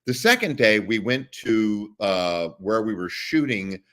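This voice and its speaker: A middle-aged man, a voice actor guest, chatting casually and animatedly in an interview, sometimes dropping into growls to demonstrate. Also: measured pace. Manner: animated storyteller, drops into deep growls to demonstrate.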